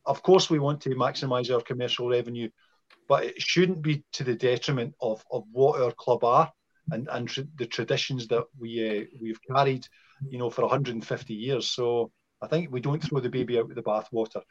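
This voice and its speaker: A man's voice: medium pitch, steady tone, brisk, lo-fi sound. A Scottish man, a podcast guest, arguing his point with passion and repeating words as he builds it. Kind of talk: casual football podcast chat.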